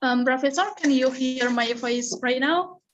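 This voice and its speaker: High-voiced woman on a lo-fi call. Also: a little slow, a bit bright, slight background noise. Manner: hesitant, apologetic, repeats her question. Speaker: student asking questions. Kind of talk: audience question on a video call. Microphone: video call. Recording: dull lo-fi video call audio.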